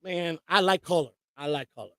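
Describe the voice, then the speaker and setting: A man's voice: a little high, a little fast, bright, forceful tone. A man co-hosting a live stream, telling rambling, profane stories and restarting his sentences often. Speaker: co-host and storyteller. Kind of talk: casual chat, rambling anecdotes. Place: home live-stream setup.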